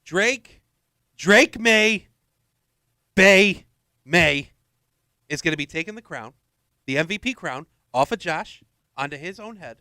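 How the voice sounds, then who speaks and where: A man hamming up a loud Boston sports fan who talks big about his team and his many friends. The voice sits high and bright, with a smooth, clear ring. The sound is dry and close. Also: lively intonation, takes it slowly, long pauses, no room sound, full character voice. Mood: bragging. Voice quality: bragging, streetwise. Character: brash male Boston sports fan with loud bragging talk. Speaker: radio co-host. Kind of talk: comic radio banter.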